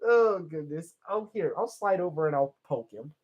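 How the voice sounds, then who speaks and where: A young livestream host reads viewer comments and chats, rambling, joking and trailing off into tangents. His slightly high, darkish voice has lively intonation at a normal speed, and the sound is lo-fi.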